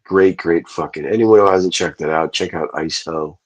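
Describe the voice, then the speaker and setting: A man's voice: low voice, moderate pace, low-quality recording. A man ranting casually on a livestream, rambling and swearing as he answers his chat. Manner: profane, rambling, talks back to chat.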